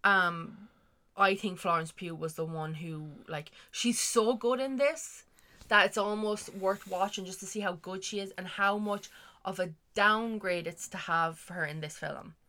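A young woman co-hosts a podcast in a bright, forceful, medium-pitched voice, speaking at a measured pace. She chats casually and swears freely, sitting slightly back from the mic.

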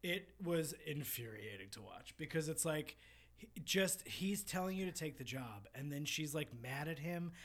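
A woman's voice: low-pitched, lively intonation, normal speed. A woman co-hosting a podcast in casual chat, blunt and swearing as she picks apart a show. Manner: blunt, swears a lot, mocks characters in put-on voices. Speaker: podcast co-host.

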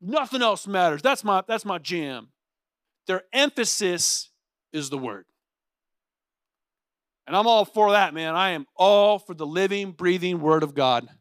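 A young adult male pastor preaching a sermon in a casual, energetic way, saying "like" often. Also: high voice, unhurried, long pauses, smooth, no room sound, clean studio sound. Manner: animated and playful.

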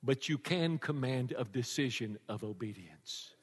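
An older man preaching a sermon to a congregation, animated and joking, laughing often. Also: mid-range voice, a little slow, breathy edge. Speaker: pastor. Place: church before a congregation. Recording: long reverb of a large church.

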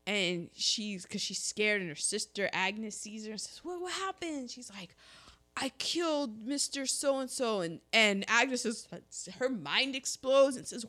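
A woman co-hosting a casual chat, recapping a story with lively energy and acting out the characters' lines. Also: medium pitch, measured pace. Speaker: podcast co-host.

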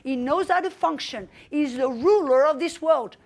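A woman's voice: high-pitched, moderate pace, a little mellow. A middle-aged woman preaching a sermon, telling a story with fervent emphasis and commanding outbursts. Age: young adult in 1994, now middle-aged.

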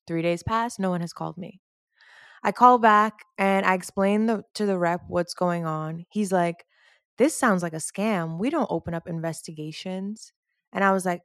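A woman co-hosting a podcast, telling a long story in casual chat, acting out the people she quotes in a lower voice and getting louder when exasperated. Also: no echo, studio quality. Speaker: podcast co-host.

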